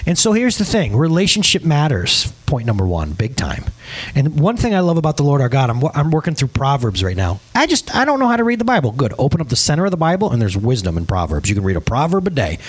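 Male pastor, casual humorous sermon delivery, animated intonation. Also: mid-range voice, fast talker, slightly rough. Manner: casual, joking, lively storytelling. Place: church service.

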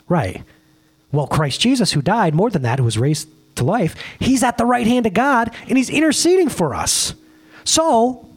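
Excitable pastor with a high, lively voice. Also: male voice, slightly rough. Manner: excitable, rambling, laughs at himself. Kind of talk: casual sermon.

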